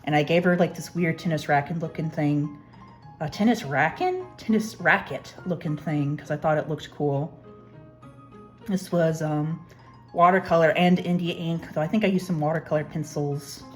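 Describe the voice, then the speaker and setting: A woman's voice: deep voice, fairly even intonation, normal speed, darkish tone, faint music behind. A young woman artist casually talking through her sketchbook pages, rambling and self-deprecating. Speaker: artist, channel host. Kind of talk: casual sketchbook tour narration.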